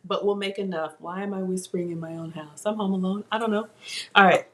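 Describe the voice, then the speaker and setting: A woman's voice: medium pitch, fairly even intonation, fast, background noise. A woman hosting a live home cooking class, chatty and self-teasing as she talks to viewers from her kitchen. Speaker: cooking show host.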